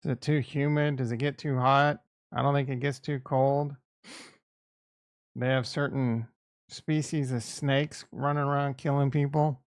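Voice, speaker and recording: A man's voice: mid-range voice, level tone, a little slow, smooth, no room sound, studio quality. A middle-aged man hosting a livestream, chatting in a blunt, rambling, crude way. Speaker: livestream host. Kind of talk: casual livestream chat.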